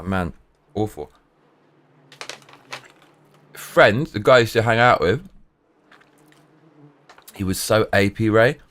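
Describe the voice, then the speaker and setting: Low-voiced man ranting on a stream. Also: a bit bright. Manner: rambling, profane storytelling with lots of restarts. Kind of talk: casual chat on a live stream.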